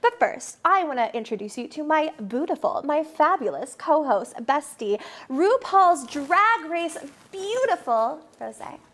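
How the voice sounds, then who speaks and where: A woman's voice: sits high, big pitch swings, measured pace, few pauses, a bit bright. Bubbly, giggly woman hosting a live show. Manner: bubbly and giggly, lots of laughter. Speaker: co-host of a live online show. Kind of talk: upbeat scripted live-stream hosting. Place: mansion.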